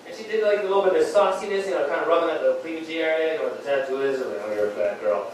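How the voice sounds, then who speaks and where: A man doing stand-up storytelling on stage, rambling and halting, with many fillers and restarts. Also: on the high side. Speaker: stand-up comic. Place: beer hall comedy stage. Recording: very echoey hall, distant mic, faint noise.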